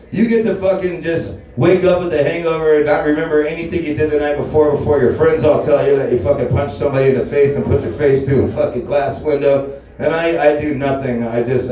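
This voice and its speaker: Stand-up man from Alaska, mellow tone, rambling and crude, captured distant in an echoey bar. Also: fairly high pitch. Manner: loose, rambling, profane storytelling. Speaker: stand-up comedian. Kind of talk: stand-up comedy set. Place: bar open mic. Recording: echoey room, mic heard from a distance.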